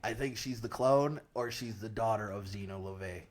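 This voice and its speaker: A man's voice: on the low side, normal speed. A man co-hosting a podcast in casual chat, laughing often and joking along. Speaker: podcast co-host.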